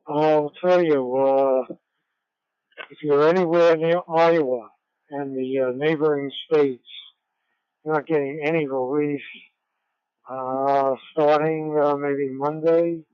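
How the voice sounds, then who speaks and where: A man's voice: fairly high pitch, clean tone, dry recording. Easygoing man giving radio weather. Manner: easygoing, many uhs. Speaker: weather reporter on the net. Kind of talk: casual weather report. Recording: dry, muffled radio audio.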